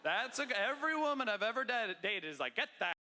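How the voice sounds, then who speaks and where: High bright man doing stand-up. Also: fairly quick. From Canada. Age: 30s. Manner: loud, excitable, mock-bravado delivery. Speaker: stand-up comedian. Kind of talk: stand-up comedy set. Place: large theater stage. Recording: live stage audio with long hall reverb.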